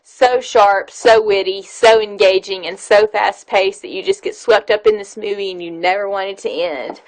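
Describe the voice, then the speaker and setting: A woman's voice: mid-range voice, fairly even intonation, normal speed, poor audio. Chatty, gushing woman reviewing films. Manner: chatty and gushing, with many fillers. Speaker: movie reviewer. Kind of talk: casual review vlog.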